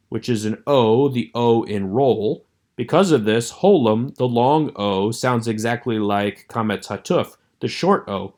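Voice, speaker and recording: Low-voiced man teaching Hebrew vowels. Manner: measured, explanatory, slows to model vowel sounds. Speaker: Hebrew instructor. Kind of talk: recorded lecture.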